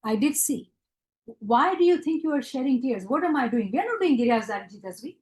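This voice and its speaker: Woman, high voice, devotional teacher, asks and answers her own questions, mixes in Gujarati and Hindi phrases. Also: sing-song, quick pace, a little mellow, rough recording. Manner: asks the audience many questions and answers them. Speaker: spiritual teacher leading a session.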